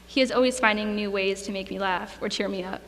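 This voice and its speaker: A young woman, a graduating student, gives a heartfelt speech at a school ceremony while holding back tears. Her mid-range, fairly bright voice moves quickly with fairly even intonation, in an echoey hall with faint background noise.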